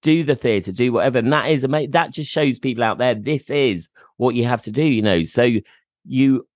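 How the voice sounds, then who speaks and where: A man's voice: medium pitch, moderate pace, dry recording, clean studio sound. A man hosting a casual interview, answering his guest with encouraging, enthusiastic reactions. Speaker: host.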